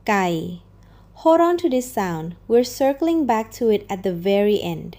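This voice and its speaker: Upbeat woman teaching with lively pitch. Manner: models words slowly and repeats each one. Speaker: language teacher. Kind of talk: scripted language lesson.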